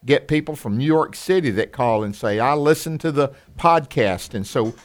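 A man with a Southern drawl, co-hosting a radio fundraising appeal and slowly repeating a phone number. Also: mid-range voice, animated. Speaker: radio co-host.

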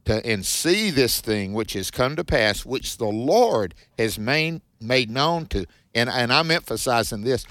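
A man's voice: mid-range voice, animated, no room sound. A man hosting a radio Bible teaching show, reading verses and explaining them emphatically. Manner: warm-hearted, emphatic, reads scripture then comments quickly.

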